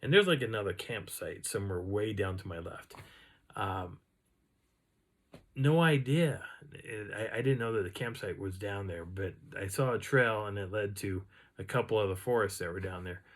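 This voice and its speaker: A man casually recounting an outdoor encounter in a rambling, animated way, now and then imitating the sounds he heard. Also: lowish voice, moderate pace. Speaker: outdoor storyteller. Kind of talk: casual first-person storytelling.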